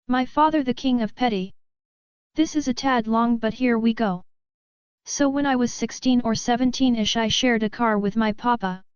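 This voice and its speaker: Smooth, higher-pitched woman narrating stories. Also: a little mellow, no echo, muffled recording. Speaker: narrator reading online posts. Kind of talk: scripted story narration.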